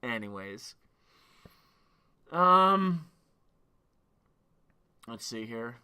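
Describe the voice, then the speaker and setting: A young man streaming and rambling crudely, bursting into excited outbursts. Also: mid-range voice, drawn-out words, clear, resonant tone. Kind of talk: casual stream commentary.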